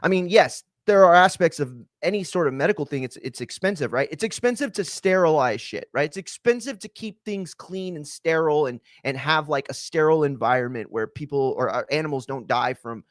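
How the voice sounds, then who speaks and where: Man, podcast host, profane rant, slightly high voice, dry sound. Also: animated, a little fast, few pauses, no room sound. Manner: profane, ranting, many fillers. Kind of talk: casual chat.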